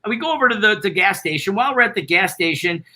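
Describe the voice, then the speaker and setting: Bright-voiced man telling wild stories. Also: high voice, fast talker. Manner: excited, rambling anecdote-teller. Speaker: band founder, interview guest. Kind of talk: casual storytelling.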